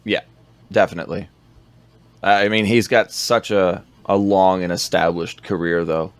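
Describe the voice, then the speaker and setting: Low-voiced man in casual podcast chat. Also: steady tone, normal speed, smooth, dry recording. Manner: laid-back, hesitant with fillers, quotes lines in a low growl. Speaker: podcast co-host. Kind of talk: casual film review chat.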